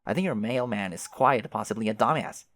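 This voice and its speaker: A playful, tipsy young woman teases her friend in a slow, drawling voice set a little higher than the reader's own, as a man puts her on. It is recorded close and dry. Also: fairly bright tone, dry recording. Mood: teasing.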